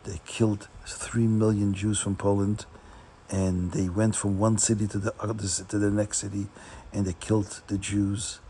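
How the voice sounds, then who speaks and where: A man telling a story to a young audience in an earnest, dramatic way, slowing down for emphasis. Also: lowish voice, level tone, warm tone, a little hiss or hum.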